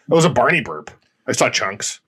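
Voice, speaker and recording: Husky, lively-voiced joking man. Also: medium pitch, brisk. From Canada. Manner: joking, bursts into song and silly voices. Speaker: podcast co-host and editor. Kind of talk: casual chat while tasting beer.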